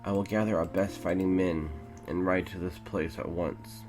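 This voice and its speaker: A man's voice: sits low, fairly even intonation, moderate pace, music in the background, close to an everyday voice. A man voicing an eager young male fighter in a story read aloud, in an earnest, plain reading. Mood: determined.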